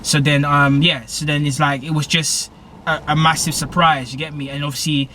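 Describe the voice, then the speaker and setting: A young British man talks through a TV episode in a loose, rambling way, often correcting himself as he goes. His voice sits a little higher than most men's. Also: flat delivery, moderate pace, pushed and bright, slight background noise. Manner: rambling, full of fillers and self-corrections. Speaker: TV show reviewer. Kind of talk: casual episode recap.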